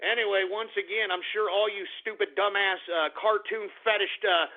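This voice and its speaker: A man's voice: high-pitched, steady tone, moderate pace. A man hosting a talk radio show, delivering an angry, profane, sarcastic monologue and often repeating himself. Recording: tinny phone-like radio audio.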